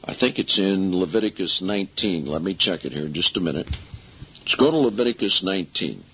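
A man preaching a sermon and reading scripture aloud, emphatic, slowing down to stress key phrases. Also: deep voice, animated, husky. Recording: dull lo-fi recording.

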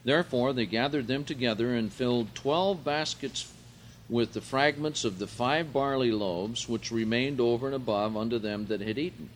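A man preaching a sermon, reading scripture aloud and explaining Greek words, rising in pitch and volume for emphasis. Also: normal speed, a little hiss or hum.

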